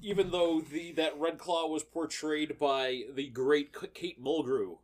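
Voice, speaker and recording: A man hosts a podcast and steers the casual chat through its segments. His voice sits slightly high. He is opinionated and plain-spoken. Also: fairly even intonation, measured pace. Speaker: podcast host running the segments.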